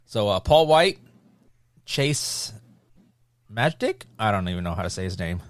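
Brief: male host, brisk and casual, dry close sound. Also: fairly low pitch, very animated, dry recording. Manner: brisk, leads the talk, reads out lists. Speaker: podcast host. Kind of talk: casual chat.

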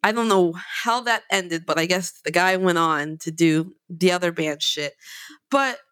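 A woman musician telling a story in casual talk, animated, emphatic and full of swearing. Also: fairly low pitch, measured pace, smooth, dry recording. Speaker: singer and guitarist.

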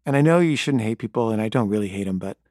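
A man's voice: lowish voice, lively intonation, fast, a little mellow, no room sound. Guy telling a funny story, kinda exasperated, dry close mic. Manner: wry, exasperated storytelling, rising to indignant. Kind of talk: storytelling monologue.

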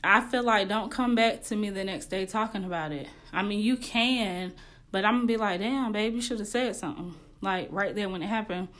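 A woman's voice: medium pitch, moderate pace, a bit bright. A young woman hosting a podcast, giving casual relationship advice in a candid, slangy way and laughing often. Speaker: podcast host.

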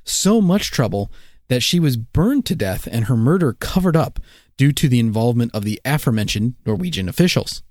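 A man's voice: medium pitch, fairly quick, no room sound, clean studio sound. A man co-hosting a casual podcast, telling a mystery with jokes between the facts. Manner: jokey, lively storytelling. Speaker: podcast co-host. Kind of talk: casual joking podcast chat.

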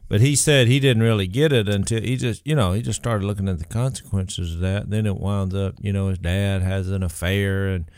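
A middle-aged co-host telling stories in a casual chat with an animated delivery. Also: male voice, sits low, a little fast, hardly any pauses, dry recording, studio quality. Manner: animated storyteller who laughs easily.

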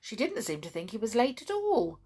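Expressive woman reading a children's story. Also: fairly high pitch, moderate pace, husky. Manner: gentle, expressive storybook delivery.

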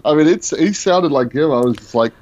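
A man's voice: fairly high pitch, animated, brisk, darkish tone, a little hiss or hum. Agreeable male co-host, dull lo-fi sound. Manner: agreeable, short replies and stuttered starts. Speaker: podcast co-host. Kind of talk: casual TV episode discussion. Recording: dry, muffled lo-fi audio.

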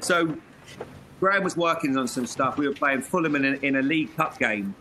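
A man, a former footballer, telling lively anecdotes as an interview guest, laughing and acting out quotes. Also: medium pitch, a little fast, a little hiss or hum, poor audio. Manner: lively, laughs mid-story, acts out quotes.

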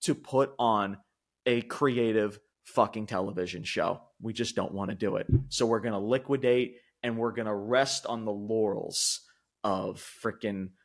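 A man's voice: fairly low pitch, steady tone, measured pace. A man co-hosting a wrestling podcast, ranting heatedly with lots of swearing and repeated words. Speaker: podcast co-host. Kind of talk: casual wrestling podcast rant.

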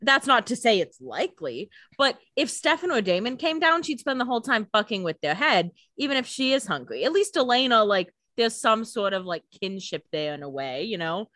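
A woman's voice: on the high side, big pitch swings, moderate pace, few pauses, sharp tone, dry recording. A woman co-hosting a casual podcast, making wry, joking comments and swearing casually. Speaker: podcast co-host. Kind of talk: casual chat.

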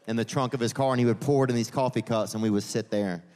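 On stage at a live comedy venue, a fast-talking man with a medium-pitched voice wanders through a story, often backtracking to correct himself and dropping dry, deadpan quips.

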